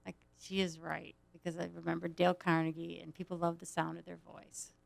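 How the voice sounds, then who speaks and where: A woman's voice: on the low side, little pitch movement, fairly quick, gravelly. A woman telling a rambling story in casual chat, laughing often as she goes. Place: small studio.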